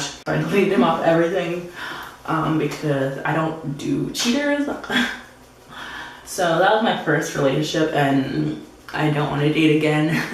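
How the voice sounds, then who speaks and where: A young beauty vlogger does a casual get-ready-with-me storytime, chatty and filling her speech with "like" everywhere. Her voice is low-pitched, recorded in a very echoey room with faint noise.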